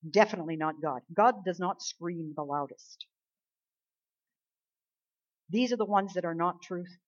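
A woman preaching a sermon, talking casually with the congregation and swinging between hushed and emphatic. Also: lowish voice, a little slow, muffled recording.

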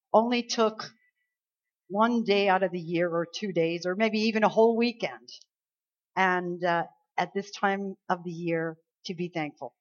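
A woman pastor from Canada preaching a sermon, emphatic and full of rhetorical questions. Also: medium pitch. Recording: slightly dull lo-fi sound.

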